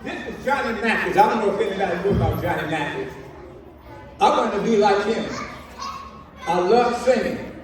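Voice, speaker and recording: High-voiced preacher man spinning a story, far off mic in a big echoey hall. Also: slight background noise. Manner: lively storyteller acting out dialogue. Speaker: reverend telling a personal story. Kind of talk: storytelling speech at a celebration. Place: large hall.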